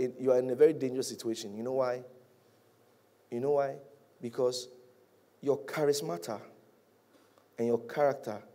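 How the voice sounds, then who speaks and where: A male pastor preaching a sermon, animated, rising to loud peaks and dropping to hushed, drawn-out lines. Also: mid-range voice.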